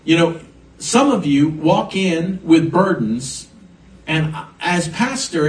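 A man's voice: on the high side, expressive, a little slow. A man preaching a sermon as pastor, emphatic and swelling on key words. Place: church sanctuary. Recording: echoey church room, mic at a distance.

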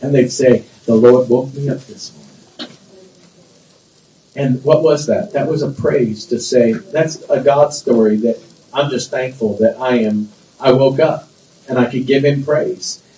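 A man's voice: mid-range voice, measured pace, warm tone. A man preaching a sermon as pastor, emphatic, repeating phrases and drawing responses from the congregation. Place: church sanctuary. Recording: roomy church echo, distant mic.

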